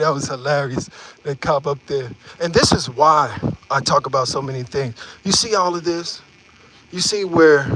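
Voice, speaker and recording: A man's voice: mid-range voice, a bit bright, a little hiss or hum, rough recording. A man chatting loosely to viewers of his livestream as he walks outdoors in the city, rambling from one thing to the next. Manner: rambling, talks to viewers while walking. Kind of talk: casual livestream chat.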